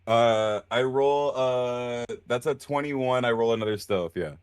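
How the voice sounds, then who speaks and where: A man's voice: mid-range voice, clear, resonant tone. A man playing in a tabletop role-playing game, talking through his turns and rolls. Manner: halting, stammering in character. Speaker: player.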